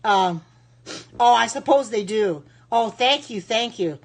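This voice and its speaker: A woman's voice: on the high side, expressive, slow. A woman in her sixties chatting on a live stream as a home cook, reacting aloud to viewer comments in a devout, thankful way. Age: 60s.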